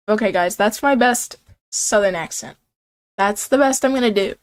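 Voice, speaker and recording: A woman's voice: medium pitch, moderate pace. A young woman streaming a game, chatting playfully with her viewers and reading the on-screen text aloud. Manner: playful, chatty, reacts and jokes with chat.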